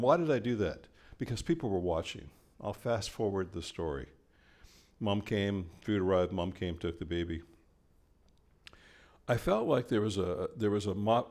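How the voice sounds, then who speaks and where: A man's voice: lowish voice, gravelly. Older man preaching a storytelling sermon. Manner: storytelling, animated with voiced quotes. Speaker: pastor.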